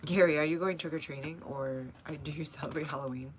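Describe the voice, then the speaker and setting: A woman's voice: low-pitched, fairly even intonation, fast talker, a little hiss or hum. A young woman with a Texas accent hosting a casual gardening live stream, chatty and easygoing, answering viewers by name with frequent laughs. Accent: Texan. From North Texas. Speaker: gardening channel host. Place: home front garden, outdoors.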